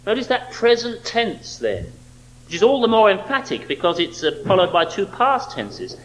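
A man's voice: high-pitched, sing-song, moderate pace, fairly bright tone, slight background noise, rough recording. A man preaching a sermon, emphatic and fond of rhetorical questions.

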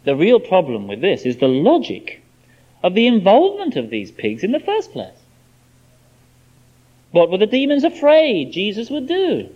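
Lively male preacher on a dull recording. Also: sits high, moderate pace, pauses often. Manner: lively, emphatic expository preaching. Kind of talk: sermon.

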